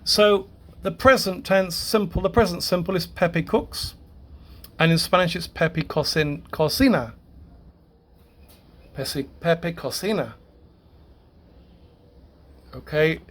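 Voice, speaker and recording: Male language teacher, unhurried classroom delivery, stumbles and restarts, voice a bit higher than most men. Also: fairly bright tone. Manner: halting, repeats words and self-corrects. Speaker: Spanish grammar teacher. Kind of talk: classroom grammar lesson.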